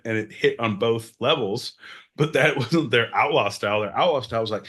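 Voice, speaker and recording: A man's voice: medium pitch, normal speed, fairly bright tone. A man co-hosting a podcast in loose comedic chat, rambling and profane as he riffs on his own jokes. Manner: rambling, profane, jokey riffing. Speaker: podcast co-host.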